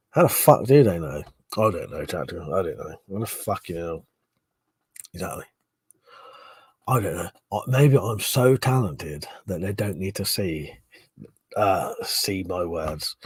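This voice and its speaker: A man's voice: deep voice, darkish tone, husky, no room sound. A man hosting a casual live stream, drunk, swearing a lot and laughing as he reads viewer comments. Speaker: livestream host.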